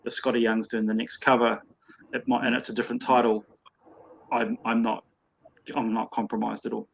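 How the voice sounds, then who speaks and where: A man's voice: medium pitch, little pitch movement, normal speed, gravelly, dull audio. A man, a guest on a casual livestream interview over a video call, explaining things in a careful, analytical way. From New Zealand. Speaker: guest, comic store owner.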